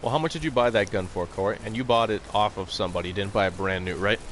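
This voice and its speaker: A young man rambles bluntly through a live stream of a hunting game, swearing freely as he chats with viewers. His voice sits on the low side, and a faint noise runs under the recording. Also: fast, a bit bright. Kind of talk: casual live-stream chat.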